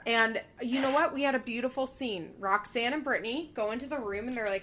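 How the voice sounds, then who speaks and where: A woman's voice: fairly high pitch, fairly quick, a bit bright, a little hiss or hum. A woman co-hosting a casual chat, animatedly retelling scenes with lots of filler words. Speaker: podcast co-host recapping a reality show.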